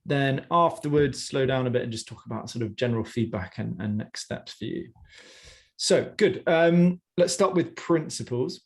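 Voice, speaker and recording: A man's voice: mid-range voice, normal speed. A man giving one-on-one coaching feedback on a presentation, talking in a conversational, encouraging way with many fillers.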